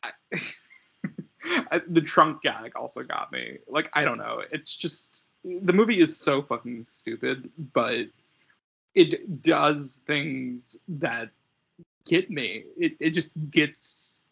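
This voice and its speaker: Young man, husky gravelly voice. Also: on the high side, animated, slow pace, bright, forceful tone. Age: young adult. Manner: rambling, giggly, swears casually. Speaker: podcast co-host. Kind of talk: casual chat. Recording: dull lo-fi audio.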